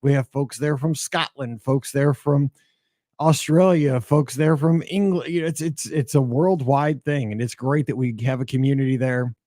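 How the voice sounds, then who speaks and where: A middle-aged man talks alone into a podcast mic, his voice hoarse and worn from a cold and asthma. He rambles in a friendly, chatty way, full of "uh"s and restarts. His tone is dark and mellow, and the recording is dry and close with no room sound. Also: mid-range voice, steady tone, normal speed, dry recording. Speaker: podcast host. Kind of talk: solo podcast monologue.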